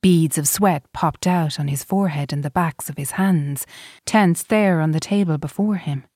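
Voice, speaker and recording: A woman narrating a novel in an even, deliberate storytelling manner. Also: low voice, no echo, studio quality. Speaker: audiobook narrator. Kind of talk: scripted narration.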